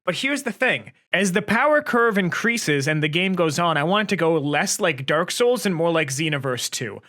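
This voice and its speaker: A man's voice: on the high side, lively intonation, moderate pace, pushed and bright. A man co-hosting a casual podcast chat, thinking aloud and building his ideas up piece by piece. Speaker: podcast co-host.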